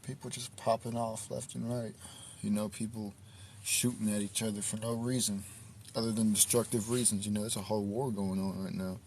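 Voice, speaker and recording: A man's voice: lowish voice, little pitch movement, a little fast, a little mellow, slight background noise. A man hosting a casual livestream outdoors at night in the cold, talking on a phone in a laid-back, reflective way. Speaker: livestream host.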